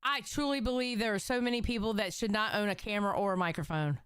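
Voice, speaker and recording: A woman's voice: medium pitch, quick pace, fairly bright tone, smooth, no echo, clean studio sound. A woman giving blunt, profane reaction commentary. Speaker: co-host.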